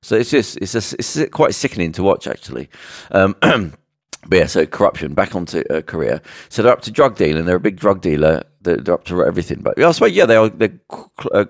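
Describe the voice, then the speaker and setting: Brief: low, gravelly male co-host, casual, halting storyteller, dry close sound. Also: very animated, dry recording. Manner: rambling, halting retelling with many fillers and restarts. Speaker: podcast co-host. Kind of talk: casual chat.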